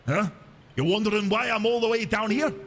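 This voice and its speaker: A man's voice: high voice, fairly quick, fairly bright tone, in a large hall, slight background noise. A man voicing a tiny, cheerful male forest creature who plays music, with a Scottish accent. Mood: eager. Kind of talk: voicing a game character.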